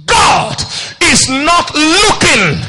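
A male preacher with a very high, piercing, bright voice. He delivers a sermon in bursts, shouting some lines and dropping to low, hushed asides, and keeps calling out to the congregation. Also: huge pitch swings, very slow, big-room sound. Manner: swings between shouted declarations and low quiet asides, calls to the congregation.

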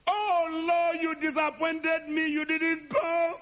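A man's voice: little pitch movement, slow pace, exaggerated voice. A man preaching, voicing a grieving woman with a raised, wailing voice. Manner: high, loud and wailing. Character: grieving woman, pleading and reproachful.

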